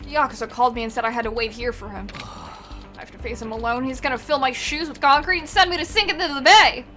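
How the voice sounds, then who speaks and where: A woman's voice: high-pitched, fast, fairly bright tone, faint music behind. A woman doing a panicky naive young man. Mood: panicked.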